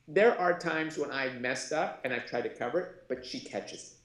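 A middle-aged man, a sign language interpreter and producer, telling lively anecdotes in a live interview and acting out the voices in them. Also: normal speed. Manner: animated anecdote-telling, acts out voices with big pitch jumps. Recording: roomy echo.

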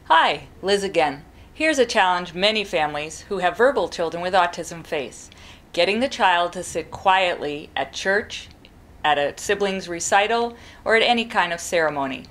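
A middle-aged woman, a parent, calmly explaining step by step how to teach a child to whisper. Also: on the low side, normal speed. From New England. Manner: calm, practical, demonstrates whispering. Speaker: parent giving advice. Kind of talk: instructional talk to camera.

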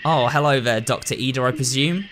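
A man's voice: medium pitch, brisk, a bit bright, a little hiss or hum, natural voice. A man voicing a polite, formal male nurse in a game. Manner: formal, courteous.

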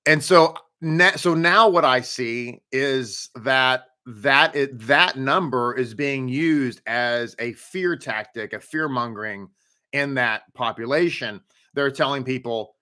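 A man's voice: mid-range voice, unhurried, pushed and bright. A man, a rabbi leading a live-streamed daily Torah study, chatty and upbeat, putting rhetorical questions straight to his viewers and greeting them by name.

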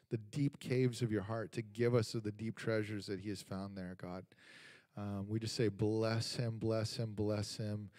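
A man, the church's pastor, introducing a guest speaker and then leading an earnest spoken prayer, halting and full of fillers. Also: lowish voice, darkish tone, clean studio sound. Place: church sanctuary. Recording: long church hall reverb.

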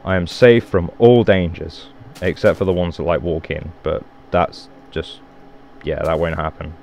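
A man's voice: sits low, steady tone, a little slow, gravelly, darkish tone, slight background noise. A man giving casual, rambling gameplay commentary, joking and swearing as he plays. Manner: rambling, jokey, swears and exclaims. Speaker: Minecraft let's player.

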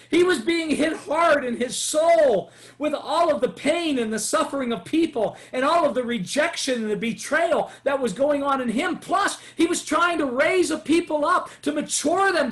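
A man with a high voice preaches an impassioned sermon. He acts out heartfelt prayers in the first person and often rises to a shout. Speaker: pastor.

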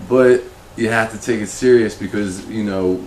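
A man hosting a comedic fish show, talking in an awkward, rambling, deadpan way. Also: reverberant, a little hiss or hum, low-quality recording. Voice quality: slow, awkward, rambling delivery that becomes emotional and high-pitched. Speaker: comedy web show host.

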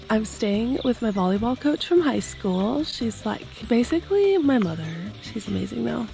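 High-voiced joking woman vlogger. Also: gravelly, dark tone. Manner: joking, crude, playful commentary. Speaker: vlogger host. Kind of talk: casual vlog chat. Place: outdoors on a rural property in the morning.

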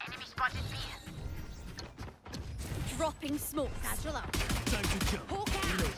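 A woman's voice: high-pitched, lively intonation, slow, loud music behind the voice, full character voice. A woman voicing a terse female game agent, giving clipped tactical combat callouts. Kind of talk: short combat voice lines.

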